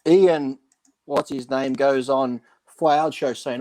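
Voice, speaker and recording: A man's voice: mid-range voice, fairly even intonation, slow pace, darkish tone. A man chatting on a radio show, telling stories animatedly and acting out quotes, swearing freely. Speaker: bodybuilding radio show regular. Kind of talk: casual chat, storytelling.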